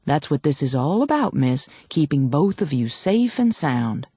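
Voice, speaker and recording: A woman voicing a calm, firm male police officer speaking with quiet authority. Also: medium pitch, brisk, no echo, pitched below the performer's own voice, close to an everyday voice.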